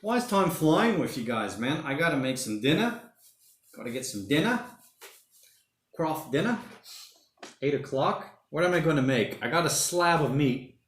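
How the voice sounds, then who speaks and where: A man with a slightly high voice livestreams casually from home during lockdown, going through viewer comments at a moderate pace with frequent pauses. He rambles easily, often dropping "mate" and "bloody," and the room is echoey.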